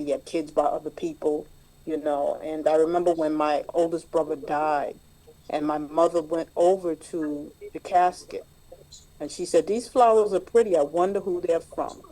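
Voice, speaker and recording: Middle-aged woman sharing her story at a meeting, warm low-key tone, lots of um and you know. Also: rough recording. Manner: plain, reflective storytelling with many fillers. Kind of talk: personal share at a recovery meeting. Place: online group meeting.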